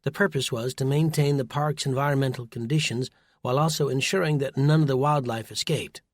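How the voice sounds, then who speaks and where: A man narrating an audiobook in a steady, even storytelling manner, recorded dry and close. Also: medium pitch, fairly quick, no echo. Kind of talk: scripted narration.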